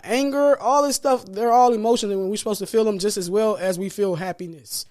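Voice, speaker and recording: High-voiced man preaching self-healing. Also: brisk, few pauses, darkish tone. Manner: earnest, preachy, repeats key phrases for emphasis; laughs lightly between points. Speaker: podcast host and life coach. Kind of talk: solo motivational podcast monologue.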